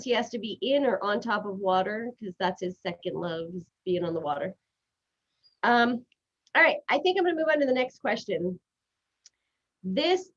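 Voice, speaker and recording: Chatty woman hosting a lo-fi live stream. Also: fairly high pitch. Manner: fast, chatty, self-deprecating, giggly. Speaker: host. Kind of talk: casual live-stream chat. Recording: dull lo-fi stream audio.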